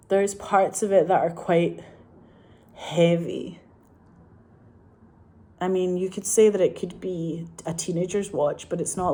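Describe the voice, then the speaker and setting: A middle-aged Scottish woman with a Glaswegian accent, a film director chatting to camera in a rambling, excitable way, swearing freely and laughing often. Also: on the low side. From Scotland. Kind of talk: casual chat to camera.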